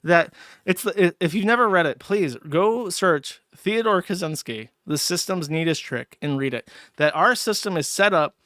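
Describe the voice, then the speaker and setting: Heated ranting man, high bright voice. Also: expressive, moderate pace, no room sound, clean studio sound. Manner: heated, profane, mocking. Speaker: streamer host. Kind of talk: angry livestream rant.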